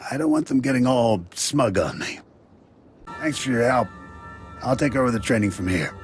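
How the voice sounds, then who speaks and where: A man voicing a gruff, commanding officer in a game cutscene. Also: medium pitch, lively intonation, moderate pace, over music. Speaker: military commander.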